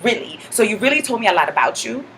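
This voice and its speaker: Speaking fast in a mid-range, sing-song voice with a fairly bright tone, a woman plays a self-assured young clubgoer in a comedic monologue. The chatter is mock-indignant and full of "like," with a little hiss or hum in a character comedy vlog.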